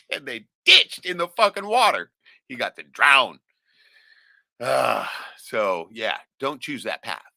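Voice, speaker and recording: A man's voice: mid-range voice, very animated, slow pace, vocal fry, bright, forceful tone, dry recording. A middle-aged man from Alaska telling a rambling, profane story in casual talk, laughing often and tagging lines with "right?". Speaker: vlogger.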